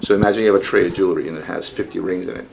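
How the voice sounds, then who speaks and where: A middle-aged man from Ukraine, a watch dealer, telling stories in casual chat, animated and swearing freely. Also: low-pitched, racing, gravelly, noisy background. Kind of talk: casual storytelling.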